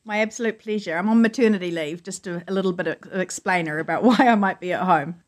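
A journalist from New Zealand, interviewed remotely from her home, tells personal stories in an earnest, emotional way. She speaks fast in a lowish voice.

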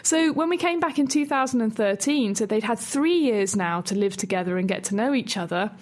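Woman scientist, interview guest, higher-pitched, easygoing explainer. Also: fairly quick. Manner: relaxed explanatory, imitates animal grunts. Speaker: researcher interviewed.

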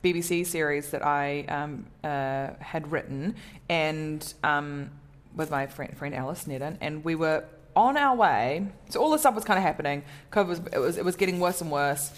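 Chatty woman comedian, low voice. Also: moderate pace, few pauses. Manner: chatty, self-deprecating, many fillers and restarts. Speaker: comedian guest. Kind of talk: casual interview chat.

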